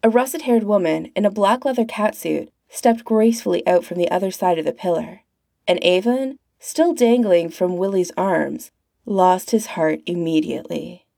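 Woman, story narrator, reading aloud, mellow tone, dry close sound. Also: lowish voice, moderate pace, gravelly, no room sound. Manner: reads aloud, putting on character voices. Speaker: fan fiction reader.

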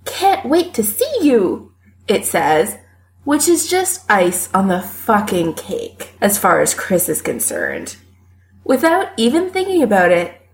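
A woman narrating a story with expressive delivery. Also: fairly high pitch. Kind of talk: story reading.

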